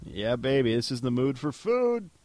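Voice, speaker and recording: Lively, animated man co-hosting a podcast. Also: mid-range voice, moderate pace. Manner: animated, puts on voices when telling stories. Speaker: podcast co-host. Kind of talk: casual chat. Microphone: headset.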